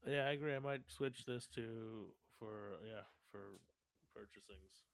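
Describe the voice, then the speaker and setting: A man's voice: medium pitch, a little slow, clear, resonant tone, no echo. A man co-hosting a casual podcast, laid-back and agreeable, reading out a news headline at times. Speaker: podcast co-host. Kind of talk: casual chat.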